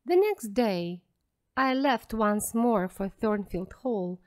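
Slow clear woman reading a story. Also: medium pitch, expressive, darkish tone. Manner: clear, careful and deliberate. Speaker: audiobook narrator. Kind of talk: slow graded-reader narration for learners.

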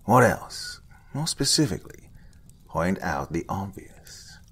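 A man playing an older, blunt forensic investigator who lectures in short, curt sentences with a husky voice. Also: low-pitched, very animated, slow, fairly bright tone, heavily acted. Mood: curt, lecturing. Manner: blunt, curt, lecturing, some lines whispered. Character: gruff veteran male forensic investigator, blunt.

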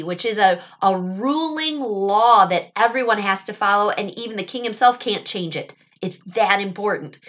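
A woman with a fairly high voice tells a Bible story to children. She is animated and expressive, and she stops often to explain words and add playful asides.

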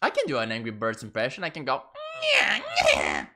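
Brief: male streamer, swings all over in pitch, swears and laughs while chatting at his desk mic. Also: sing-song, rapid-fire, fairly bright tone. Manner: profane, laughing, easily sidetracked. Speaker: gaming streamer. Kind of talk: casual livestream commentary.

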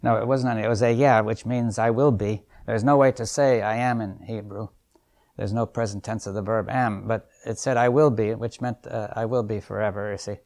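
A man's voice: on the low side, steady tone, brisk. A man in his seventies leading a seminar, thinking aloud and often checking in with his listeners. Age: 70s. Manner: thoughtful, musing, keeps checking in with "right?" and "you see"; chuckles softly between points. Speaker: seminar leader. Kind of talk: unscripted seminar lecture.

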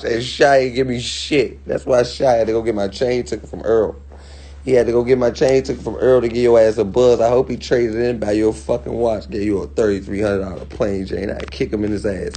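A man's voice: mid-range voice, dark tone. A man from Washington DC in a heated, profane livestream rant into a phone, repeating himself.

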